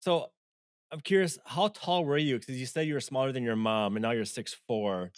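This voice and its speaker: A man from hosts a podcast in a relaxed, curious way. His voice sits at a middling pitch, with a dry, close sound and no room echo. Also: normal speed, smooth. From Minnesota. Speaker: podcast host. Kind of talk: casual interview.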